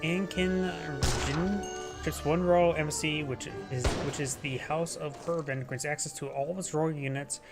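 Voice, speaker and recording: A man's voice: on the high side, steady tone, moderate pace, loud music behind the voice. A man casually commentating a strategy game replay, rambling and stumbling over unit names. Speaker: game caster.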